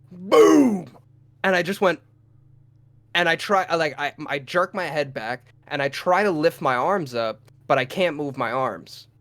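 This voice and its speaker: A young man, a podcast co-host, telling a rowdy personal story with lots of swearing and loud acted-out shouts. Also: medium pitch. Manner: profane, animated, acts out his own lines in a loud voice. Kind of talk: casual storytelling.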